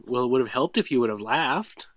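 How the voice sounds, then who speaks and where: A man's voice: medium pitch, lively intonation, a little fast, fairly bright tone, no room sound, dull audio. A man hosting a podcast, chatting casually in a jokey, self-deprecating, rambling way. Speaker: podcast host. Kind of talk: casual chat.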